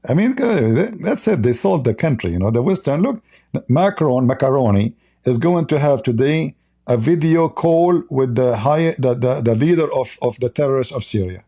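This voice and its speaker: A man with a mid-range, expressive, warm voice speaks at normal speed while hosting a live stream in English, his second language. He reads out viewer chat and gives blunt, mocking commentary in a heated tone, his English broken and non-native.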